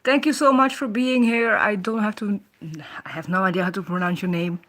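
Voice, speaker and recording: A chatty woman with a Dutch accent hosts a casual live stream from her home. She reads the chat aloud, answers viewers at an easy, ordinary pitch, and laughs often between thoughts. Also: fairly even intonation, fairly quick, a bit bright. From Netherlands.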